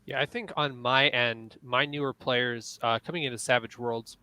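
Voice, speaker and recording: A man's voice: medium pitch, steady tone, moderate pace, pushed and bright, no echo, poor audio. A man moderating a casual panel as a game master, explaining rules while thinking aloud.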